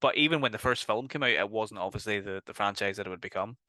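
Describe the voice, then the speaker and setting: A man's voice: fairly low pitch, fast talker, sharp tone, dry recording. A man with a Northern Irish accent, co-hosting a casual horror podcast, easygoing and laughing as he talks. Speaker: podcast co-host. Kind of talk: casual chat.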